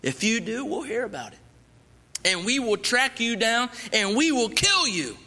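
A man voicing a calm, menacing male robber who gives stern warnings. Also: sits high, unhurried, voice pushed up, exaggerated voice. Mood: threatening.

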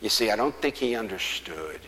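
A male pastor tells a folksy story from the pulpit in a lowish voice with a bright, forceful edge. He often sinks to a hushed near-whisper. A long hall echo hangs behind him, with a faint hum. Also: lively intonation, normal speed. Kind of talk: storytelling sermon.

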